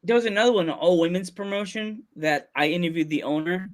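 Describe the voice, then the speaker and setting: A man's voice: sits high, fast talker. A man from Pennsylvania hosting a casual podcast interview, joking and laughing often. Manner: playful, laughs often, jokey voices. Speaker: podcast host.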